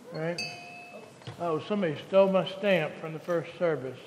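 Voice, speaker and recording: A man's voice: fairly high pitch, normal speed, darkish tone, muffled recording. A man leading a children's sermon as pastor, with a playful, coaxing way of talking to the kids. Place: large church sanctuary. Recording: echoey church hall, mic at a distance.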